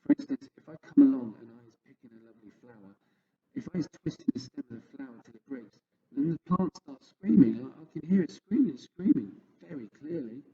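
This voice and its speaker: A man's voice: fairly high pitch, sing-song, brisk, warm tone, dull audio, voice pushed up. A man voicing a kindly male giant who speaks in earnest, mangled grammar.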